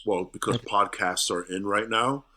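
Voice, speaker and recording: A middle-aged male comedian telling stories in a casual interview, animated and acting out voices. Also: fairly low pitch, moderate pace, a little hiss or hum. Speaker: comedian guest.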